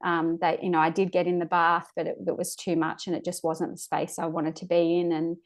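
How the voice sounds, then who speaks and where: A woman speaks as a podcast guest, telling her own birth story. Her voice sits low and stays fairly flat. She pauses and restarts often as she searches for words, and she sounds emotional, close to tears at times. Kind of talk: recounting a personal birth story.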